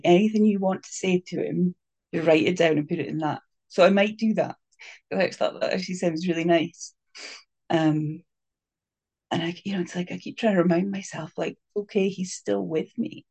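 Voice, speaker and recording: A speaker sharing a personal story in a candid, hesitant way, with many pauses, fillers and restarts, soft and emotional. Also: mid-range voice, breathy edge. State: crying.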